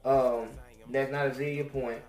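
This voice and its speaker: A young man, a podcast host telling a crude story in a profane, animated rant that swings between loud outbursts and mutters. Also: medium pitch, measured pace, echoey room.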